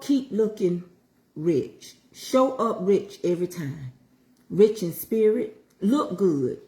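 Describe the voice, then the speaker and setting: A middle-aged woman with a medium-pitched, dark-toned voice speaks slowly but with lively intonation. She's a vlogger chatting casually on a livestream while cooking in her home kitchen, sounding folksy and motivational. The kitchen is echoey, and frying sizzles in the background.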